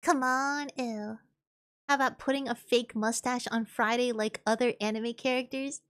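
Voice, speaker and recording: A woman's voice: a little high, fairly even intonation, normal speed, a bit bright, clean tone. A woman streamer chatting casually while gaming, thinking aloud and answering chat.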